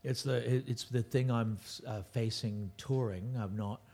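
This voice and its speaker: Man, middle-aged, stand-up comedian, husky voice, casual rambling chat. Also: mid-range voice, steady tone, a little slow, a little mellow. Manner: rambling, restarts and self-corrections. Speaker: touring stand-up comedian, guest.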